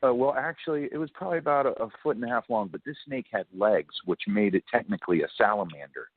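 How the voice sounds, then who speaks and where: A man on a radio talk show, telling a story in a chatty, animated way, acting out what people said and laughing often. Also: mid-range voice, quick pace, husky. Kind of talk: casual phone-in storytelling. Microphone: telephone. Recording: tinny phone line.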